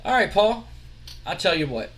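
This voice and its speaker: A man voicing a scheming young male wrestling executive who talks in a smooth, wheedling way. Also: high voice, sing-song, normal speed, fairly bright tone.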